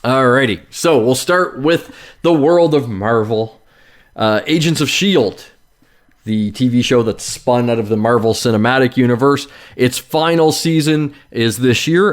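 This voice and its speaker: A man hosting a casual podcast, telling news stories in a loose, swearing, joking way. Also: mid-range voice. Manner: swears casually, lively storytelling. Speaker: podcast host. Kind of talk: casual chat.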